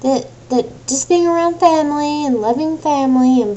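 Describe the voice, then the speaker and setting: A woman's voice: sits high, normal speed, hardly any pauses, warm tone, muffled recording, a little hiss or hum. A young adult woman venting in an emotional personal rant, agitated and exasperated, swearing now and then. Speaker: vlogger.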